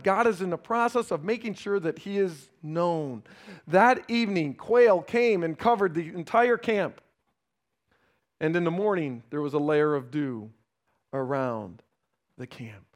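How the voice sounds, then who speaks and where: A man preaching a sermon, reading scripture and acting out complaining voices, then dropping to quiet emphasis. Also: high voice. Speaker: pastor.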